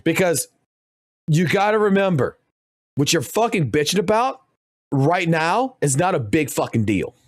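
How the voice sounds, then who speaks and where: A young man streaming, ranting crudely with constant cursing and animated outbursts. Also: a little high, a little slow, dry recording, studio quality. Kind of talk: profane ranting commentary.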